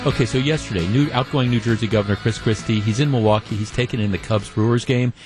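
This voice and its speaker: A man's voice: on the low side, fast talker, music in the background. A man hosting a call-in radio talk show, retelling a story in a conversational way. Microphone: studio microphone.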